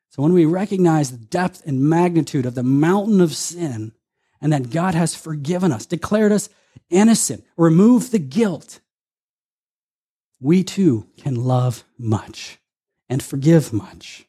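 A man preaching a sermon as a pastor, earnest and steady, reading scripture aloud and slowing down to stress key points. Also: fairly high pitch, slightly rough. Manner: earnest, quotes scripture, shifts pace for emphasis.

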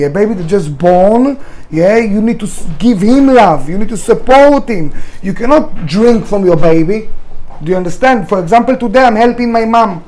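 A middle-aged restaurant founder in an interview, telling candid stories in a blunt, emotional way and swearing freely. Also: male voice, sits high, darkish tone.

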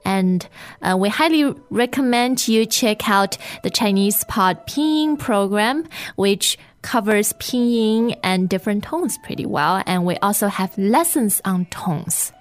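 Slow, careful woman teaching a language. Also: mid-range voice, lively intonation. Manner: slow, careful modelling of each word, repeated twice. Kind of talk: podcast language lesson.

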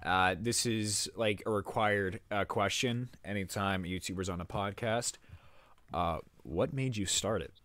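A man hosting a podcast, telling stories in an animated way and swearing freely. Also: on the low side, a little slow, no room sound. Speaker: podcast host. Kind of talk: casual podcast chat.

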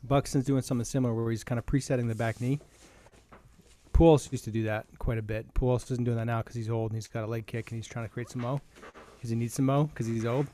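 A man hosting a sports podcast, leading the topics in a relaxed, enthusiastic way. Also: medium pitch, fast, a little hiss or hum. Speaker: podcast host. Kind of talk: casual podcast chat.

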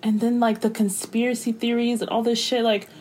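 A woman's voice: on the high side, flat delivery, a little mellow. Exasperated, emphatic young woman. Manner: exasperated, emphatic, quick to agree. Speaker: co-host. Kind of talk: casual chat.

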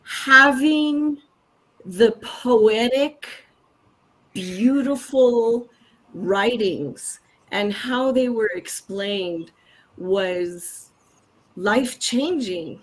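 An older woman on a video call speaking heartfelt thanks, emphatic and halting. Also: on the high side, animated, poor audio. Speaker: conference attendee asking a question. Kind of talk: casual chat.

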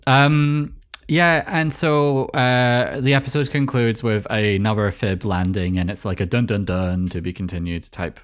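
A Scottish man with a lowish voice co-hosts a podcast in loose, casual chat. He recaps a cartoon episode with jokes, easy swearing and frequent laughter. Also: fairly even intonation, a little slow. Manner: loose and joking, swears freely, laughs often. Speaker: podcast co-host.

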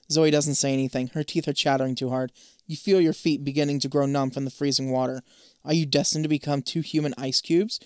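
A man's voice: mid-range voice, steady tone, a little fast, darkish tone, clean tone, dry recording, clean studio sound. A man reading a choose-your-own-adventure book aloud in a casual way, swearing offhand between passages. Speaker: gamebook reader.

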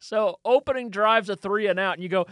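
Brief: male co-host, fairly high voice, giggly, easygoing sports chat, dry close mic. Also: brisk, a bit bright, no room sound. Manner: laughs often, retells texts. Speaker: podcast co-host.

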